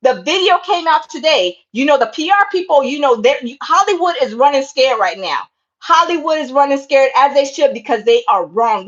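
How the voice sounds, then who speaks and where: High-voiced impassioned woman commentator. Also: animated, moderate pace, a bit bright, lo-fi sound. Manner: impassioned, repetitive, keeps addressing viewers as y'all. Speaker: online commentator. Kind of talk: casual livestream commentary.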